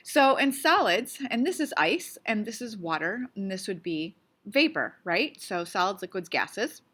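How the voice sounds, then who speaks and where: A woman's voice: medium pitch, very animated, a little slow, fairly bright tone. A woman teaching a casual science lesson on video, playful and chatty, asking lots of questions and sometimes talking with her mouth full. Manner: talks with her mouth full while eating.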